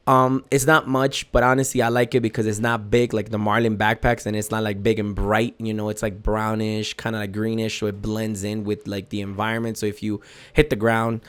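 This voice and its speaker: A man's voice: lowish voice, flat delivery, a little fast, clear, resonant tone. A man hosting a gaming channel, talking through a casual step-by-step game tutorial in a chatty way and often correcting himself as he goes.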